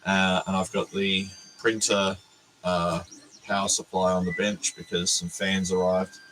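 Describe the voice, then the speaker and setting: An Australian man, a teacher, chatting casually on a livestream from his workbench, hoarse and sick with a cold, rambling and self-deprecating. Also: low voice, level tone, a little slow, fairly bright tone, slight background noise, low-quality recording.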